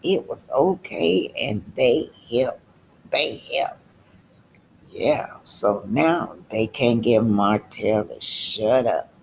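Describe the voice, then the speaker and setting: A man's voice: on the low side, extremely slow, creaky, a little hiss or hum. A man giving casual, emphatic reaction commentary on a reality show, repeating his points and talking to viewers directly.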